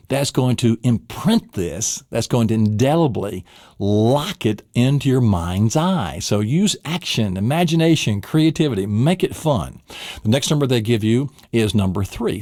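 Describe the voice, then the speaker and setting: A man teaching a memory lesson, animated and vivid, asking rhetorical questions as he goes. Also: mid-range voice, dry recording, clean studio sound. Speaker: memory trainer. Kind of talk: recorded lesson.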